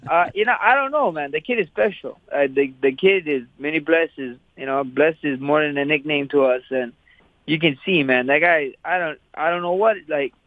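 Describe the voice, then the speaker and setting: A man's voice: a little high, normal speed, no room sound. Man on a tinny phone line. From Hawaii. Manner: laid-back, rambling, lots of "you know". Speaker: interview guest, fighter. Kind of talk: casual interview chat.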